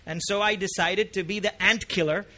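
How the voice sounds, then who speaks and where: Bright, high-voiced male preacher. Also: fairly even intonation, brisk. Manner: conversational preaching that rises to impassioned emphasis. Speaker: pastor. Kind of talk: sermon.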